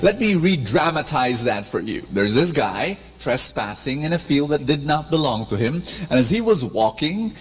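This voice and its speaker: A man's voice: on the high side, lively intonation, normal speed. A man in his fifties with a Filipino accent, preaching an anecdote-filled sermon and coaxing the congregation to repeat his lines. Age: 50s. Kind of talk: sermon with call-and-response. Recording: long church reverb, faint music.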